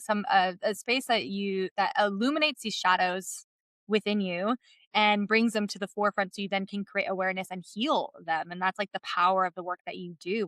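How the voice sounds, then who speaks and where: A woman hosting a podcast, telling stories in an animated way and laughing often. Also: medium pitch, no room sound. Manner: animated storytelling, laughs often, many likes. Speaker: podcast host. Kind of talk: casual chat.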